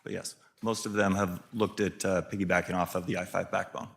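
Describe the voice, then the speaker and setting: A man from city staff explaining a franchise agreement to the council in a measured way with fillers. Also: sits low, little pitch movement, vocal fry.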